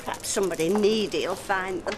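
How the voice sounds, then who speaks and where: A woman's voice: mid-range voice, fairly quick, background noise, close to an everyday voice. An actress playing an indignant young mother. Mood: resigned. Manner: sharp, scolding.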